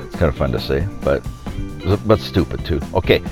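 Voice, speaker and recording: A man's voice: sits low, sing-song, a little fast, a little mellow, faint music behind. A man hosting his own podcast, talking in a rambling, opinionated way and chuckling at his own jokes. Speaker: podcast host. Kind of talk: casual opinionated monologue.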